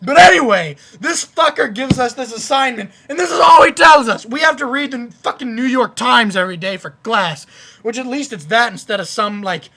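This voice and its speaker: High, gravelly man in a shouting rant. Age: young adult. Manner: shouting, profane, exasperated. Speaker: ranting vlogger. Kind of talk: angry comedic rant.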